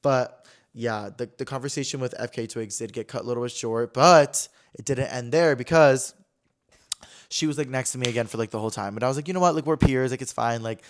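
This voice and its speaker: A young man hosting his own podcast, telling a story in casual chat, full of fillers and acting out quotes in higher voices. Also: brisk. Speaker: podcast host.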